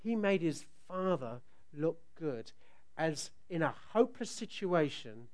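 A middle-aged man preaching a sermon, telling a family story with animated, sometimes loud delivery. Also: on the high side, a little slow. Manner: animated storytelling, rising to loud outbursts when acting out scenes.

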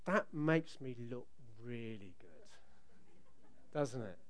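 Animated middle-aged man preaching. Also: medium pitch, slow. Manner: animated storytelling, rising to loud outbursts when acting out scenes. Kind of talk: sermon.

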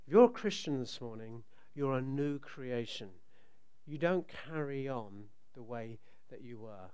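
A man's voice: mid-range voice, measured pace, a little mellow, smooth. A middle-aged man preaching a conversational sermon, joking with the congregation and asking them questions. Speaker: pastor.

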